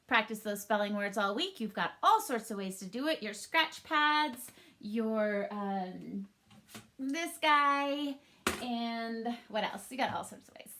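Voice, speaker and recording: Here's a cheerful woman teaching children from home, her voice sitting a bit high. She sounds patient and upbeat as she walks young kids through their lesson. She speaks right to them into a laptop mic. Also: animated, takes it slowly, bright, forceful tone, a little hiss or hum. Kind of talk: recorded remote phonics lesson for young children.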